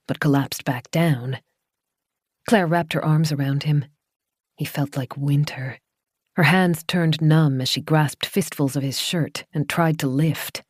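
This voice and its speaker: A woman narrating a horror audiobook in a steady, measured storytelling voice into a studio microphone. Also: low voice, no room sound.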